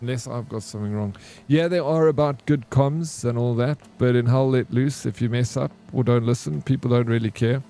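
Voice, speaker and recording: A man's voice: medium pitch, fairly quick, hardly any pauses, dark tone. A young man, chatting casually with his stream while playing a game, slangy and laid-back. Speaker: gaming streamer.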